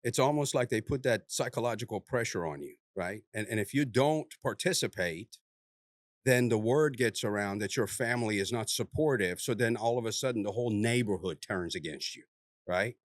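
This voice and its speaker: A man in his forties from Iran, a native Farsi speaker, hosting a casual podcast conversation, laughing often and joking in a relaxed way. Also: fairly low pitch, moderate pace, no echo. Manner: laughs often, relaxed and joking, peppers talk with "you know what I'm saying". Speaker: podcast host.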